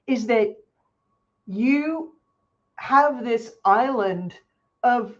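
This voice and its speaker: A woman co-hosts a casual talk show, telling animated stories and tossing in swear words without a second thought. Her voice sits at an ordinary middle pitch. The sound is dull and lo-fi, like a web stream. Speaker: podcast co-host. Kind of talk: casual chat.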